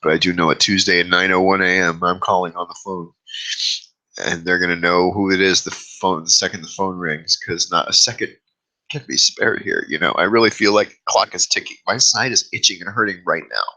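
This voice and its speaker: Deep, sharp-toned man rambling candidly. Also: a little fast, low-quality recording. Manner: rambling and candid, speaking openly about his fears. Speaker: vlog host. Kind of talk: confessional vlog monologue. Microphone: own camera mic, self-recorded.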